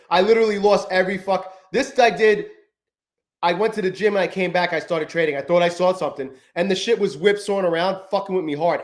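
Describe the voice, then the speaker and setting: A man live-streaming his trading, swearing often and berating himself, breaking off to greet viewers from the chat by name. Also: fairly high pitch. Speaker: livestreaming day trader.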